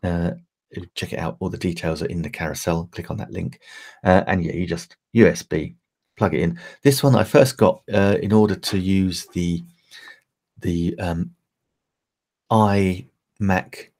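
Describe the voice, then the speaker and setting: English man, middle-aged, deep gravelly voice, rambling livestream chat. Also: fairly even intonation, a little slow, darkish tone. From England. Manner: rambling, chatty, many fillers and restarts. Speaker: livestream host.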